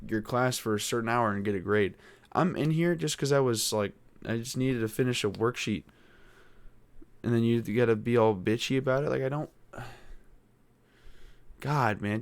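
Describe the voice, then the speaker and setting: A man's voice: mid-range voice, normal speed, no room sound. A teenage boy hosting a podcast, venting in a frustrated, rambling way with lots of swearing. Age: teens. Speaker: podcast host. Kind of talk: casual venting monologue.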